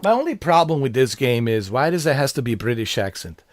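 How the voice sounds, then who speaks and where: A man's voice: mid-range voice, sing-song, brisk, a little hiss or hum. A man with a Slavic accent giving rambling, joking commentary on a game livestream, full of fillers and asides. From Slavic country. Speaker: game streamer. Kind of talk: casual gameplay livestream commentary. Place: living in America.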